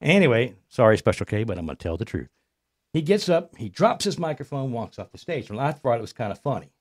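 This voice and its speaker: Man, stand-up comic, lively swinging pitch, casual storytelling, animated. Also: fast. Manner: animated, jumps into high voices when quoting people. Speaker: stand-up comedian. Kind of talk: casual storytelling with joke routine.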